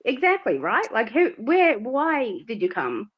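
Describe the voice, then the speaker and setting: A woman's voice: fairly high pitch, huge pitch swings, a little slow. A woman co-hosting a livestream, telling a story animatedly, acting out quotes and laughing often. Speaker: co-host. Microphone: livestream mic. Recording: slightly dull lo-fi sound.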